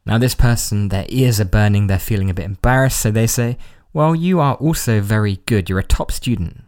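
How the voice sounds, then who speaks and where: Male co-host, calm, plays the curious learner and breaks down new words. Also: fairly low pitch, fairly quick. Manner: calm, asks learner questions and breaks down terms. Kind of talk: podcast language lesson.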